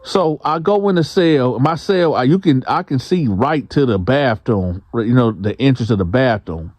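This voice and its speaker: A man's voice: medium pitch, expressive, moderate pace, a little mellow, no echo. A man telling a prison story in a casual, slangy way as the host. He acts out the quotes.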